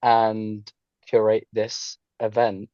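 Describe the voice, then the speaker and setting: A young man from Coventry, England, a drama student, tells his story casually in an interview he joins over an online call. He's chatty and full of fillers, with a lowish, monotone voice and a slow pace. The recording is dry, with the highs cut off.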